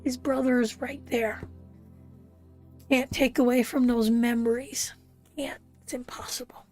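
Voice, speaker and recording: High-voiced, slow, heartfelt woman. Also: fairly even intonation, a little mellow, faint music behind. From Canada. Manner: heartfelt, emotional, talks straight to viewers. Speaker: tarot reader hosting a live stream. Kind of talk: live tarot reading.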